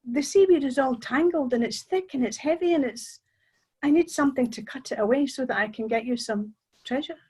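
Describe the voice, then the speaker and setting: A know-it-all mermaid with a proud, bossy tone, put on by a female storyteller. She speaks in a high, breathy voice that lifts theatrically and teases as she lords it over the listener. The delivery is grand and dramatic, full of mischief. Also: brisk, a little mellow, low-quality recording. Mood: haughty.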